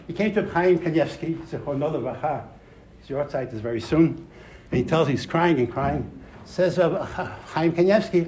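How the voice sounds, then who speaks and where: A man in a room with listeners gives a storytelling Torah class, his fairly high voice rising and dropping sharply as he repeats lines for effect. Faint room noise sits under him. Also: moderate pace, poor audio. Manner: animated, repeats phrases for emphasis, uses Hebrew and Yiddish terms. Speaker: rabbi giving a class.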